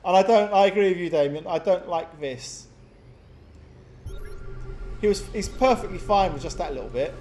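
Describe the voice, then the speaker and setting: Chatty guy casting a strategy game live, higher voice, gets really excited, laughs a lot. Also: normal speed, pauses often, slight background noise. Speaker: game caster.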